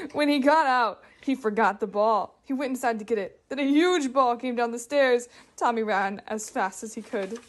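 A woman's voice: fairly high pitch, normal speed. A woman reading a silly made-up story aloud, giggling as she goes. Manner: giggling through her reading.

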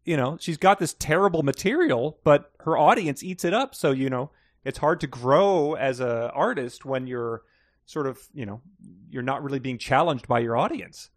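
Man, mid pitch, podcast co-host, wry rambling remarks, dry close sound. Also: expressive, normal speed, no echo. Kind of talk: casual book-review chat.

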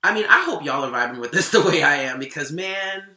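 A woman's voice: deep voice, animated, fairly quick, sharp tone, roomy sound. A woman giving a casual tarot card reading to camera, emphatic and fired up, repeating lines for stress and dropping slang.

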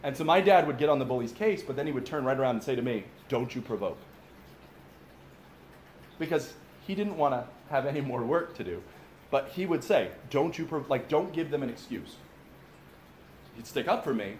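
A pastor's mid-range, darkish voice carries an informal, conversational sermon at a father-son camp gathering, where he speaks directly to the audience and slips in asides. Slight background noise, faint ambience, and room echo are audible.

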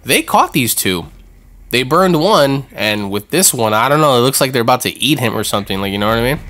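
An excitable man talks over his gameplay in a casual let's-play, swearing and reacting loudly to every scare. His voice sits at an ordinary middle pitch for a man. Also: a little fast. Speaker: gaming channel host.

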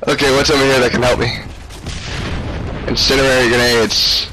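A young man giving frantic live gameplay commentary, swearing and yelling at the game. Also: mid-range voice, level tone, normal speed, slight background noise, rough recording. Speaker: gamer.

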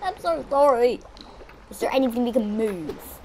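High, lively-voiced excitable gamer woman. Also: normal speed, a little hiss or hum. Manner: excitable, chatty, exclaims at the game. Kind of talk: let's-play commentary.

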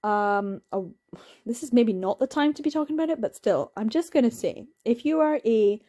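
A woman's voice: on the high side, animated, moderate pace, mellow. Candid, chatty woman reviewing books. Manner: acts out quoted voices, laughs. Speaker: book reviewer. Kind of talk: casual video review.

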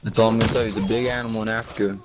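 A man's voice: lowish voice, level tone, very fast, poor audio. A young man in casual chat on a gaming stream, crude and joking, often repeating himself and quizzing his friend.

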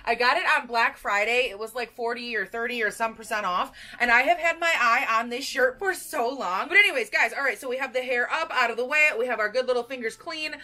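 Bubbly, bright-voiced young woman vlogging. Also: on the high side, brisk, hardly any pauses. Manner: bubbly, goofy, sing-song asides to the viewer. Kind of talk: casual baking vlog. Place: home kitchen. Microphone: camera propped on the counter.

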